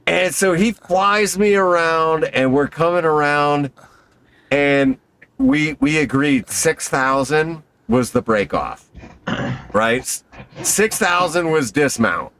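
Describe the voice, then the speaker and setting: A man telling a skydiving story in an excitable, profane, casual way, acting out quotes. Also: fairly high pitch, slow pace, dry recording.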